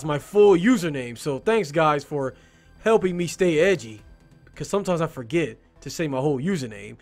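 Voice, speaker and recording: A man hosting a video where he reads game reviews aloud and mocks them in a sarcastic, joking way. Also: high voice. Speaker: YouTube host. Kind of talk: reading and mocking game reviews.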